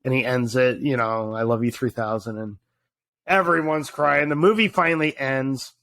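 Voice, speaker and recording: Animated man telling a story on a podcast. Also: medium pitch, moderate pace. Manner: animated storytelling, lots of fillers and restarts. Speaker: podcast co-host. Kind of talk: casual chat.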